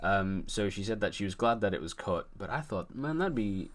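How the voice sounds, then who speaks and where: A man's voice: lowish voice, expressive, moderate pace. A man co-hosting a casual film podcast, chatty and joking, mocking film dialogue. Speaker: podcast co-host. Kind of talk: casual chat.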